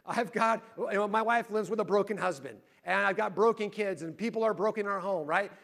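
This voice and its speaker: A middle-aged man preaching a sermon, telling lively family stories and acting out the voices in them. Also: high-pitched, fairly quick, creaky. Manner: animated storyteller, acting out family arguments loudly. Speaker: pastor.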